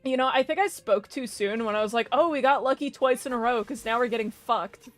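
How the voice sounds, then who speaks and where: A woman's voice: a little high, brisk, soft background music. A young woman giving casual, rambling commentary while streaming a game, swearing and laughing often.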